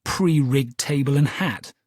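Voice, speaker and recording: A man voicing a sharp Victorian detective who makes quiet, clipped, dismissive asides. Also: mid-range voice, unhurried, no echo, studio quality, lightly acted. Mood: dry dismissive. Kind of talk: audiobook character voice.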